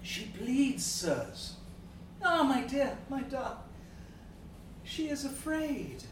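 Brief: male actor as a drunken middle-aged Georgian gentleman, theatrical monologue swinging wildly in pitch, faint background noise. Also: sing-song, takes it slowly, full character voice. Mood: brooding. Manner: theatrical, swinging between bluster and hushed brooding. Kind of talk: dramatic monologue. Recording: roomy, distant mic.

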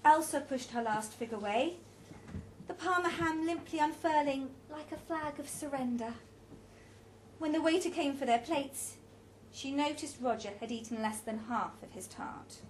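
A woman narrating a story in an even, measured reading voice. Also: high voice, slight background noise. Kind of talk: audiobook narration.

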